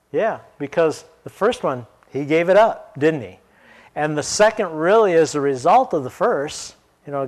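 A man's voice: fairly high pitch, a little mellow. A man reading a Bible passage and explaining it in a conversational teaching style, asking rhetorical questions. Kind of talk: Bible study reading and commentary.

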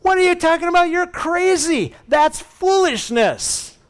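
A man voicing a panicked young male servant who scoffs in high, strained disbelief. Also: animated, measured pace. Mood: scoffing.

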